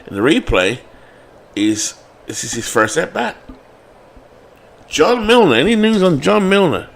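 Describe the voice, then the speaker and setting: A man with a London accent doing play-by-play commentary on a replayed baseball game, building to excited calls on big hits. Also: on the high side, measured pace, gravelly. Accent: London English. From England.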